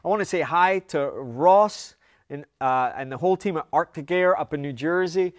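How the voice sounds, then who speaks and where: A man's voice: a little high, moderate pace, dry recording, studio quality. A man co-hosting a casual trade show, joking around with frequent laughs and keeping things moving. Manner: jokey, upbeat, frequent laughs. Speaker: co-host. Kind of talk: casual chat.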